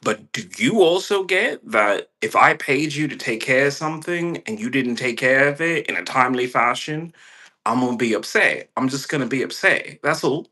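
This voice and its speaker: Indoors at home with a puppy, a male vlogger from California rants in a casual home vlog, swearing heavily and acting out quoted voices with animation. His voice is mid-range, at normal speed, and his delivery is profane and rambling.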